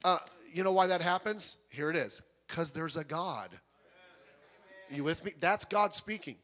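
A man preaching a sermon as pastor of his church, lively and conversational, acting out the people he quotes. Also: on the high side, a little slow. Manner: animated, acts out quoted voices. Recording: long hall reverb.

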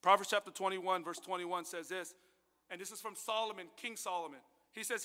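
A man preaching a sermon as pastor, telling a personal testimony in an animated way, dropping to a hush and then rising loud. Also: high-pitched, brisk, smooth, long reverb tail. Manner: animated storytelling, swings from hushed to loud.

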